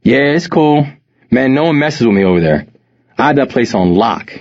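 A man's voice: medium pitch, wildly swooping pitch, moderate pace, a little mellow, slightly rough, dull audio. A man voicing his teenage self, bragging unconvincingly about being tough. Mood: boastful. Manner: boastful, unconvincing. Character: boastful teenage boy faking toughness.

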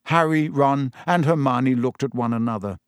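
A man narrating a story in a measured, even reading style. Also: mid-range voice, clear, resonant tone, no room sound, studio quality. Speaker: audiobook narrator.

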